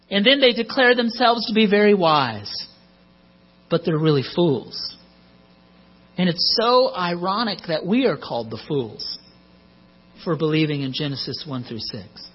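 Husky male preacher, lo-fi hum. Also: sits high. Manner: conversational, joking asides. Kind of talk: sermon. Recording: muffled lo-fi recording with mains hum.

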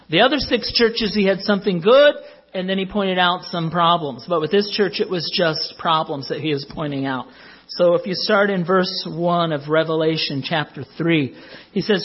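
A man's voice: fairly high pitch, moderate pace, husky, muffled recording. A man in his fifties preaching a sermon in a church, speaking chattily and informally with many fillers. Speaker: pastor. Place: church sanctuary.

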